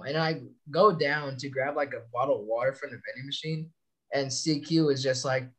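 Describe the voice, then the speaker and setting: A man's voice: on the high side, normal speed. Profane young man telling rowdy stories. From California. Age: young adult. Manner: profane, rambling storytelling. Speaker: soldier podcast guest. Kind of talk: casual chat.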